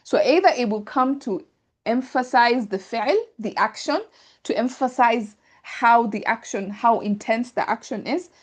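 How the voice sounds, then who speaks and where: A woman's voice: on the high side, a little slow. A woman teaching Arabic grammar in an online class, explaining patiently step by step with examples over a video call.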